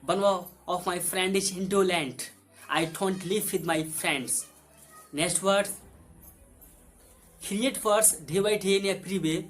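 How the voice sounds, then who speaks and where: A man's voice: high-pitched, takes it slowly, long pauses, a bit bright, soft background music. A man teaching English vocabulary, saying each word twice in simple, broken English. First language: Hindi. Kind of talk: vocabulary lesson with repeated words.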